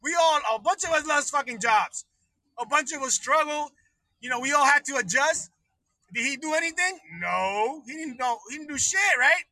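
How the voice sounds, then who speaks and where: A man's voice: very high voice, lively intonation, moderate pace, pushed and bright, no echo, rough recording. Male livestream host, casual rant, swears a lot, dry close-miked sound. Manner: profane, rambling, laughs often.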